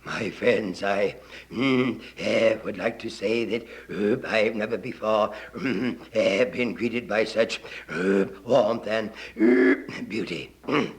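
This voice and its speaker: A man's voice: lowish voice, slow. A man doing a mumbling, smug rich governor. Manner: mumbling, hesitant, full of ums. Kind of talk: 1950s live comic monologue. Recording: roomy live 1950s recording.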